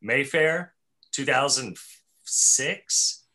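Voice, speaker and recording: A man's voice: medium pitch, animated, extremely slow, pushed and bright. A man hosting a casual podcast chat, enthusiastic and saying "dude" a lot. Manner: enthusiastic, says "dude" often. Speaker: podcast host.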